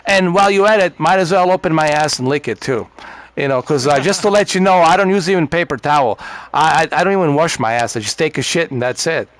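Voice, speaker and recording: A man's voice: fairly high pitch, quick pace, dry recording. A man ranting bluntly and profanely in a casual gaming party chat. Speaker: streamer.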